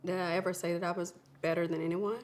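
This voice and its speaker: A woman's voice: fairly low pitch, level tone, quick pace, darkish tone. Woman telling her story. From Memphis, Tennessee. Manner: reflective storyteller. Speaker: guest. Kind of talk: interview.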